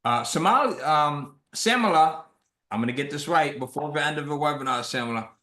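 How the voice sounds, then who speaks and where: A man's voice: a little high, steady tone, quick pace, pushed and bright, echoey room. A man hosting a webinar, speaking in a conversational, motivational way and reading out viewer questions. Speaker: webinar host.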